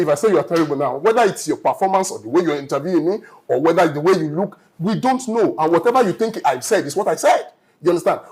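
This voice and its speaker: A man with a Nigerian accent debating as a studio guest, emphatic and lecturing, often asking "you understand?". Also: fairly high pitch. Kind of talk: panel debate.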